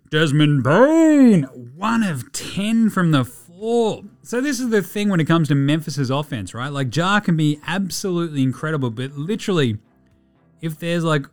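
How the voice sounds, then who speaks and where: Chatty Australian man talking basketball. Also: fairly high pitch. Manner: chatty, swears freely, quick asides. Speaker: podcast host. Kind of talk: casual basketball commentary.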